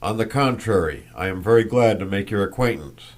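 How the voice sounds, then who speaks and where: A man's voice: on the low side, expressive, brisk, natural voice. A man reading as a timid young count, raised and uneasy. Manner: forced, timid politeness.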